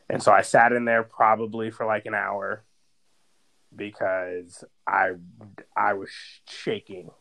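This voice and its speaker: Lowish-voiced man telling a story, rambling. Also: little pitch movement, a little slow, creaky, sharp tone, poor audio. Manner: rambling storytelling, heavy use of "like". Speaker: podcast co-host. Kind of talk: casual podcast chat.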